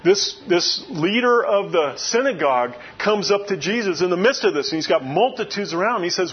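Husky high-voiced man preaching conversationally. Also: animated, normal speed, few pauses, muffled recording. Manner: conversational storytelling with many "you know" asides. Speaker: pastor. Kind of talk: sermon.

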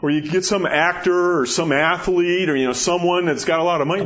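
A man in a fairly high voice preaching a sermon, talking conversationally and repeating words as he goes. He lifts his pitch to stress a point. The recording is dull and lo-fi. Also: steady tone, a little fast, a bit bright. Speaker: pastor.

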